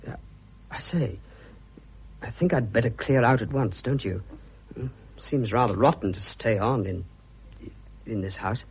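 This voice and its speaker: An actor playing a blunt, boyish young man declaring his love, with a husky voice, in a vintage radio drama. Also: medium pitch, a little slow, pauses often. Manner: bluff, fervent, stammering when moved. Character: eager young male suitor, blunt and boyish. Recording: dull lo-fi old radio recording.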